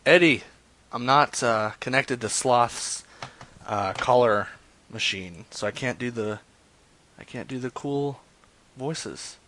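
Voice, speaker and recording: A man's voice: mid-range voice, slow, pauses often, pushed and bright, slight background noise. Joking, crude man hosting prank calls. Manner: crude, joking, trails off into mumbles. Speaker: prank caller hosting a call-in stream. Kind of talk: casual rambling chat with prank calls.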